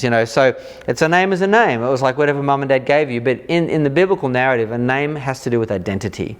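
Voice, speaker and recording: A man's voice: mid-range voice, fast talker. Man teaching the Bible conversationally. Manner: animated, acts out reactions in lively quoted voices; informal, with fillers and restarts.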